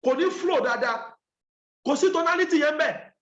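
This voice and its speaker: Guy giving a training, really high voice, echoey dull audio, keeps repeating stuff for emphasis. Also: animated, quick pace. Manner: emphatic, repeats key points, mixes Yoruba and English. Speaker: business trainer. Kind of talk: online training session.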